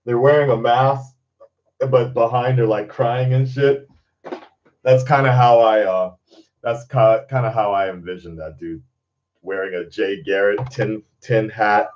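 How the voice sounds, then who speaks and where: A man's voice: lowish voice, fairly even intonation, a little slow, darkish tone, highs cut off, a little hiss or hum. A man hosting his own channel, chatting casually, rambling and swearing freely and breaking into laughter. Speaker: channel host. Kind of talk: casual livestream chat.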